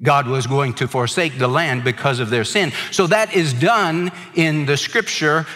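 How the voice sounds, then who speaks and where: A man's voice: fairly high pitch, a little slow, bright, forceful tone, long reverb tail. A male pastor preaching a sermon, stressing points through emphatic repetition.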